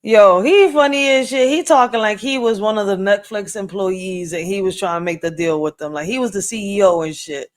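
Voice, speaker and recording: A reaction host chats loosely and curses freely. The voice is mid-pitched and recorded close and dry, with no room sound. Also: a little fast, hardly any pauses, dry recording. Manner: loose, profane, excitable. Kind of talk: casual reaction commentary.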